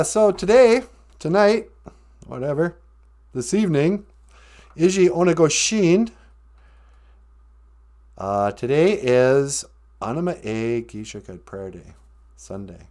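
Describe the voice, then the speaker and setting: A man's voice: medium pitch, darkish tone. Rambling joking male podcast host. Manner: rambling, joking, drops in Ojibwe greetings. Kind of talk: casual live-stream chat.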